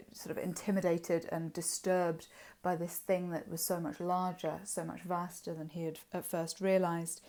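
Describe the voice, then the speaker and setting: An English woman gives a poetry revision lesson in a low, mellow voice. She explains each line patiently and fills her pauses with ums and uhs as she works through the text. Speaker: literature teacher.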